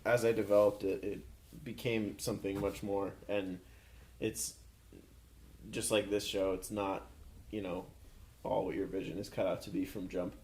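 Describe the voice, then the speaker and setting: A young man guesting on a casual podcast, speaking in a steady, even tone with dry humor into a handheld mic. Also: lowish voice, normal speed, long pauses. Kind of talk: casual chat.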